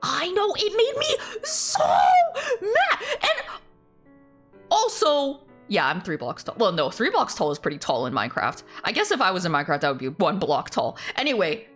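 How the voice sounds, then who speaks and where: Lively bright-voiced woman streamer. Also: medium pitch, moderate pace, faint music behind. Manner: animated ranting, laughs often, swears. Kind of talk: casual stream chat.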